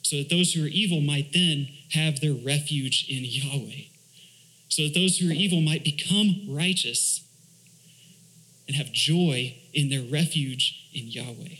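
A man's voice: fairly high pitch, a little slow, pushed and bright, poor audio. A man, a church elder, preaching a sermon, asking rhetorical questions, reading scripture aloud and explaining Hebrew words.

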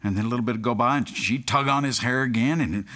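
A man's voice: medium pitch, fast, a bit bright. A man preaching a sermon, telling humorous anecdotes and chuckling at his own stories. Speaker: pastor.

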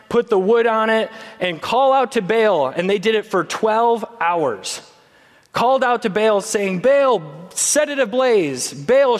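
A man's voice: sits high, in a large hall. A man preaching a sermon as pastor, in a conversational storytelling manner.

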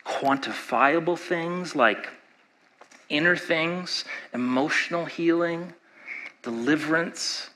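A man's voice: fairly high pitch, sharp tone, low-quality recording. A male pastor preaching a sermon in a conversational way, asking his listeners rhetorical questions.

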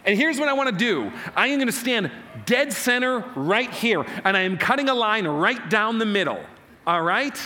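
A man preaching a sermon as pastor, animated, rousing his congregation in call-and-response. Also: sits high, normal speed.

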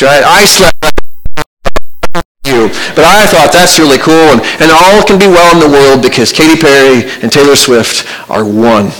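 A man's voice: on the high side, a bit bright, poor audio. A man preaching a sermon in a church, reading scripture aloud and turning to the congregation with casual asides. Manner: conversational, often adds "right?" to draw in the congregation; reads scripture aloud, then breaks off to comment. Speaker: pastor.

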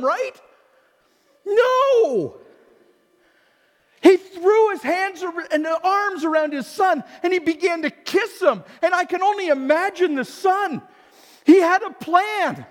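Brief: a male pastor with an impassioned sermon delivery, very high voice, long hall reverb. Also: slow. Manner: impassioned, swings between shouting and quiet.

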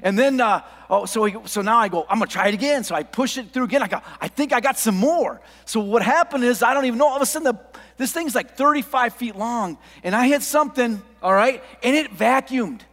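A middle-aged male pastor with a high voice gives an animated sermon. He drops to quiet, intimate asides, then rises to excited shouts as he tells a story. The sound carries a long hall reverb. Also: fairly quick. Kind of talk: sermon with anecdote.

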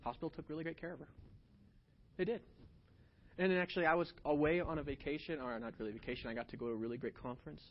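A man preaching a sermon, telling a personal story in an animated way that swings between hushed and loud. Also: fairly high pitch, racing. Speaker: pastor. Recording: dull lo-fi sound.

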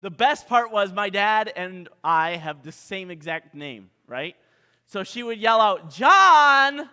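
A man's voice: high voice, expressive, a little slow, pushed and bright, clean tone. A man preaching a dramatic sermon as pastor, asking the congregation rhetorical questions. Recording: long hall reverb.

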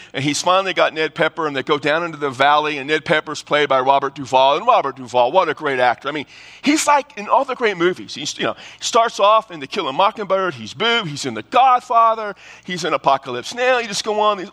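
A man's voice: on the high side, a little fast. A male pastor preaching a sermon, telling stories with humor and plenty of restarts. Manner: animated storytelling with humor and repeated restarts. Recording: long reverb of a large hall.

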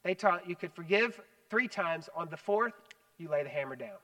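A man preaching a sermon as pastor, animated, swinging between loud emphasis and hushed asides. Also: on the high side, normal speed, distant mic, rough recording. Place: church sanctuary.

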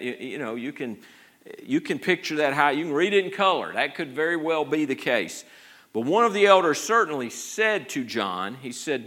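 A man's voice: medium pitch, bright, forceful tone. A man preaching a sermon with an earnest delivery, often repeating and restarting his words.

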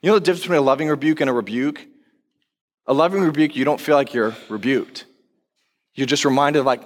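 Guy pastor giving a sermon, chatty and animated, big echoey church hall. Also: medium pitch, fast, pauses often. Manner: conversational, animated retelling with quoted lines. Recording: long reverb of a large hall.

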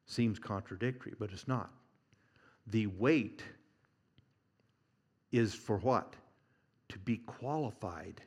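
A man preaches a conversational, humorous sermon, swinging from loud emphasis to hushed near-whispers and chuckling at his own points. His voice is lowish and slow, with a breathy edge.

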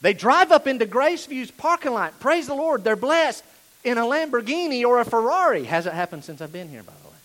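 A male pastor preaching with a fairly high voice that swings widely in pitch. He talks in an animated way and climbs to shouting at the peaks. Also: brisk. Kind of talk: sermon.

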